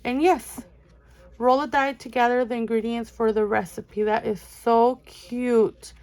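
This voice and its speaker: A young woman with a high voice talks in an unhurried, drawn-out way. She gushes over each item she unboxes and keeps calling her viewers "friends". It is a casual, excitable vlog chat. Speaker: budgeting channel host.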